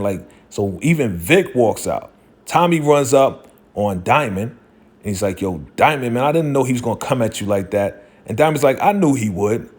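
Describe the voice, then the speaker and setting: Animated man retelling a TV episode. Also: medium pitch, normal speed, slightly rough. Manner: animated retelling, acting out quotes with slang. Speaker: TV show recap host. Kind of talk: casual episode recap.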